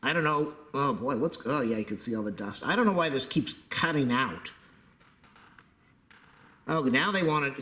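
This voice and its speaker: A man's voice: medium pitch, expressive, normal speed, long pauses, sharp tone, echoey room, poor audio. A man rambling through a chatty, meandering vlog commentary at his computer table at home, with jokey asides. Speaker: tech video creator.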